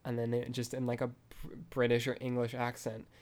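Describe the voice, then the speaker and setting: Flat-voiced man rambling through a review. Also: medium pitch, moderate pace. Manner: rambling, heavy on fillers. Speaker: film review podcast host. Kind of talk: casual film review retelling.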